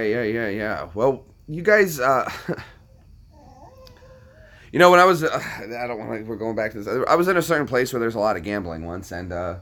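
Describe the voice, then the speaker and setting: Man, casual host chat, rambling anecdotes, lively animated pitch. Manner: rambling, anecdotal, repeats himself. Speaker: host talking to his viewers.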